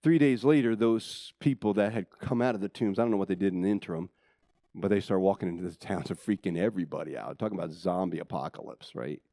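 A man preaching a sermon to his church, dramatic and swinging from loud excitement to hushed intensity, with conversational asides to the congregation. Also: sits low, fast, gravelly, no room sound, studio quality. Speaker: pastor.

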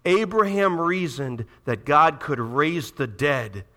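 A man preaching a sermon to a congregation, reading scripture aloud and swinging from loud, urgent passages to hushed, dramatic ones. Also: a little high, expressive, slow. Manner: reads scripture aloud, addresses the congregation directly. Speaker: pastor.

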